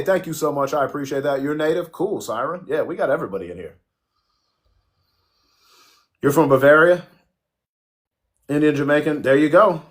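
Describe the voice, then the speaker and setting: A man hosting a casual livestream, joking, swearing freely and answering viewers' comments as they come in. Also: a little high. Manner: profane, joking, reacts to chat. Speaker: livestream host.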